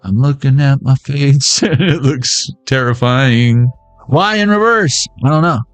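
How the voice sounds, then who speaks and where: A man's voice: mid-range voice, unhurried, no echo, soft background music. A man giving a casual pick-a-deck tarot reading, joking around in a playful, slangy way. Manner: playful and jokey, slangy banter. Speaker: tarot reader.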